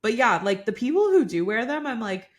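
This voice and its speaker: A woman's voice: a little high, expressive, a little fast. A young woman co-hosting a podcast, chatting casually and gushing with frequent giggles. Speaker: podcast co-host. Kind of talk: casual chat.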